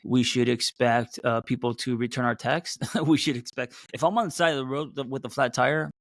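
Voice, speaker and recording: A man who hosts as a therapist, talking loosely to a live audience, with many fillers and restarts, and a voice that sometimes jumps up high. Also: fairly quick, no room sound. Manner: voice jumps up in pitch at times. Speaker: therapist and podcast host. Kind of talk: casual live-stream talk.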